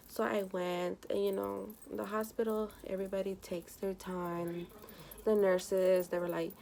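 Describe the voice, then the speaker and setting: A woman's voice: mid-range voice, fairly even intonation, unhurried, gravelly, warm tone, slight background noise. A young woman vlogger telling a personal story in a casual, rambling way with lots of fillers, sometimes tearful. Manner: rambling, many "you know" fillers; emotional, tearful at times. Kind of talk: casual storytelling while doing makeup.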